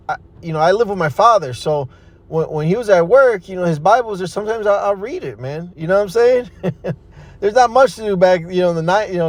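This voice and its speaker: Fast and forceful, a high-voiced man delivers a street-style sermon laced with casual profanity. He trips over restarts, leans on "man" and "you see," and keeps asking "right?" and "you know?" while pushing into his personal testimony.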